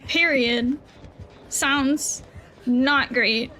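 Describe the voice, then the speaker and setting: A woman streams live, her high voice sitting well above the usual range. Her tone is bright and sharp, and her chat is loose, with casual swearing. A sore throat and a cough drop in her mouth colour how she talks. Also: lively intonation, slow, faint music behind.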